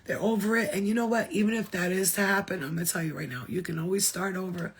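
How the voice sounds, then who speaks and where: A woman's voice: medium pitch, fairly even intonation, fast, slightly rough. A woman who works as a spiritual healer, giving an impassioned, blunt talk to viewers, swearing freely and repeating phrases for emphasis.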